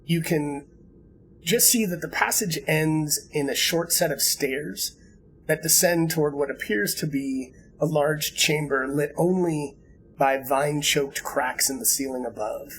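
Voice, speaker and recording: A man narrating a tabletop game as game master, easygoing and halting, with many fillers and restarts. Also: fairly high pitch, a little hiss or hum, poor audio.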